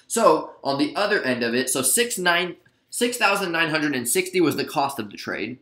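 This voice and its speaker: Man, casual trade recap, chatty, bright tone, slightly high voice, echoey room. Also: moderate pace. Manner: chatty, relaxed, many fillers and asides. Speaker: stock trading video host.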